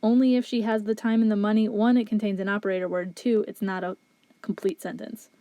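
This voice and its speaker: Methodical woman with a mellow voice. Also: mid-range voice, flat delivery, a little fast, dry recording, lo-fi sound. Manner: methodical, thinking aloud step by step. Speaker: philosophy instructor. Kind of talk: recorded lecture walking through exam answers.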